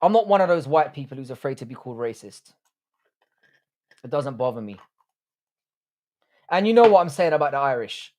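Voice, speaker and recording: A young man from the UK hosts a live stream, reading viewer comments aloud and answering them bluntly and with plenty of swearing. His pitch jumps around a lot as he reacts. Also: big pitch swings, fairly quick, long pauses, a little mellow. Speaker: livestream host.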